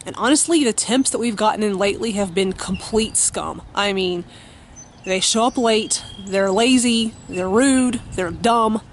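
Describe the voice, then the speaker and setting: A woman tells a story straight to the camera from her home, mid-pitched and plain-spoken. She swears freely and leans on fillers as she talks. A faint hiss sits under her voice. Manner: blunt and profane, many fillers. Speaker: vlogger.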